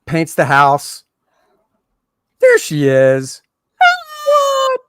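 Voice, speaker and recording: A man's voice: a little high, lively intonation, normal speed, no echo, clean studio sound. A man co-hosting an interview show, chatting casually and trading teasing jokes with a guest. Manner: joking, teasing banter. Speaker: co-host.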